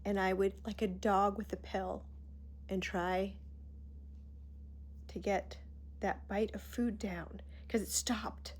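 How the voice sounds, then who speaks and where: A woman shares her thoughts in a reflective vlog, taking her time over each phrase. Her voice sits in a middle register, and she sounds heartfelt, earnest and close to emotion, with frequent pauses and sighs. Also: medium pitch, steady tone. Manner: slow, heartfelt, pausing often with sighs. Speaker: vlogger.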